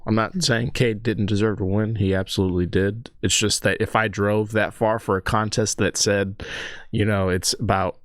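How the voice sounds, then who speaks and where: A man's voice: fairly low pitch, flat delivery, moderate pace, no room sound, studio quality. A man hosting a podcast, talking in a rambling, hedging way and teasing his guest. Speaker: podcast host. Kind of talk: casual podcast chat.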